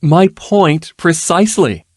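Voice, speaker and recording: A man's voice: on the high side, lively intonation, slow, darkish tone, breathy edge, no echo, studio quality, pitched above the performer's own voice, heavily acted. A man voicing a witty young nobleman, a casual dandy with a wry, lightly ironic way of speaking, in a fantasy audiobook. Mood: wry breezy.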